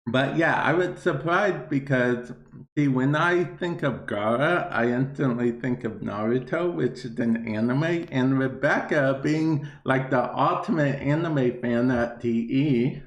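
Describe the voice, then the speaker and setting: A man hosts a casual podcast chat in a relaxed, easygoing way, often laughing along. He speaks at an unhurried, slow pace. His voice carries a roomy echo. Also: mid-range voice. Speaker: podcast host.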